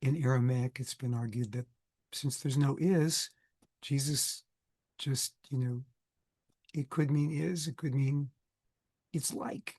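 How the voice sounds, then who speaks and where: A man's voice: medium pitch, steady tone, slow, long pauses, darkish tone, dry recording. Man lecturing with a cold. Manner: conversational, digressive, self-correcting. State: has a cold, coughing. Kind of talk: recorded video lecture. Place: indoors, recording for video.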